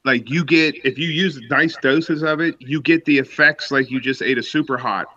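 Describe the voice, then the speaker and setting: A man's voice: on the high side, fairly even intonation, moderate pace, pushed and bright, dull audio. A man co-hosting a livestream, teasing and laughing often. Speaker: livestream co-host. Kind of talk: casual livestream chat.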